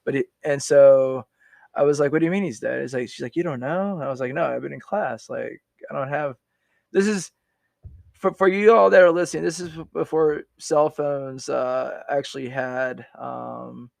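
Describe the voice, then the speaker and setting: A man's voice: medium pitch, fairly even intonation, normal speed, gravelly, dry recording. A man in his forties, a veteran guest on a podcast, telling his story in a rambling, casual way with many restarts and fillers.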